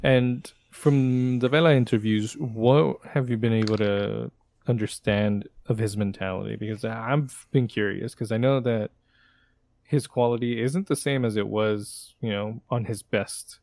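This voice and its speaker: A man's voice: fairly low pitch, steady tone, measured pace, creaky, darkish tone, no room sound. A man co-hosting a football podcast in casual chat, thoughtful, searching for words and correcting himself. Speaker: podcast co-host.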